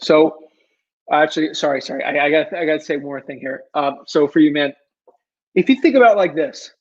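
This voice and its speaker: A man's voice: a little high, a little fast, muffled recording. A man giving casual advice while answering viewer questions, earnest and pleading, rambling with lots of fillers. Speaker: real estate wholesaler answering viewer questions.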